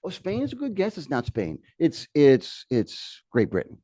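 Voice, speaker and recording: A man teaching a history class, lecturing in a lively way with joking asides to his students in a classroom. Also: fairly high pitch, normal speed, slightly rough, no room sound, clean studio sound.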